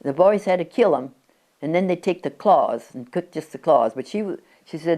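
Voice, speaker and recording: A woman's voice: low voice, expressive, normal speed, warm tone. A woman in her nineties, interviewed at her country home, reminiscing in a chatty, rambling way with frequent restarts. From Oregon, USA. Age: 90s.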